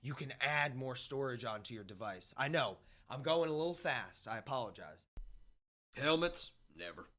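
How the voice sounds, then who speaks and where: Loud, crude joking young man streaming. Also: mid-range voice, animated, normal speed, few pauses. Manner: loud, crude and joking, with sudden shouts and bits. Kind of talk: casual comedic chat to a stream.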